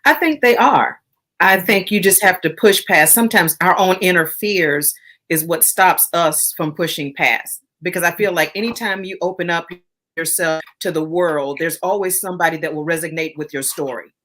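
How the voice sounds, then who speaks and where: Woman panelist, lowish pitch, earnest encouraging tone. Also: moderate pace, fairly bright tone. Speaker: podcaster panelist. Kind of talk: casual panel conversation. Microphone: video call microphone.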